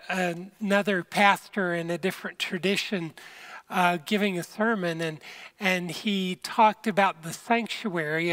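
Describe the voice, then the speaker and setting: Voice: medium pitch, a bit bright. A pastor giving an earnest, conversational sermon from a church sanctuary and speaking directly to the people watching.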